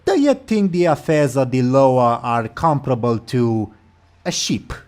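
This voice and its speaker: A man's voice: medium pitch, animated, normal speed, darkish tone, natural voice. A man voicing a proud, scornful female troll warrior who speaks in cold, clipped, mocking lines in a tabletop game.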